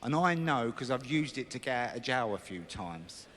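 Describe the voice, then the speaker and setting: A man's voice: medium pitch, sing-song, moderate pace. A man doing a stand-up comedy routine on stage, acting out his own panic as he tells a story. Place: live comedy stage in a big hall. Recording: live hall recording with loud crowd noise.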